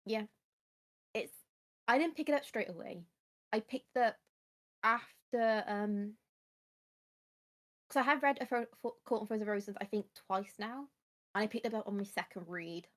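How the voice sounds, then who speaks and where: A woman's voice: mid-range voice, unhurried, pauses often. A young woman streamer chatting casually about books, rambling and explaining at length.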